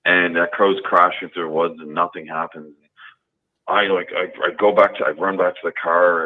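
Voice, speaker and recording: A man with an extremely low, booming voice calls in to a talk show and tells his story. He rambles, with plenty of fillers and restarts. His voice comes through a thin, tinny phone line. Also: steady tone, normal speed. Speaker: caller. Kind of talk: telling a personal story on a call-in show.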